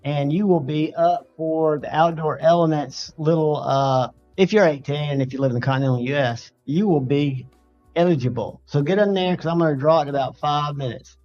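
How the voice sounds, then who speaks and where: A man hosts a casual livestream chat and announces things briskly. His voice sits a little high. The audio is dull and lo-fi, like an online call. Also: darkish tone, faint music behind. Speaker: host running a giveaway.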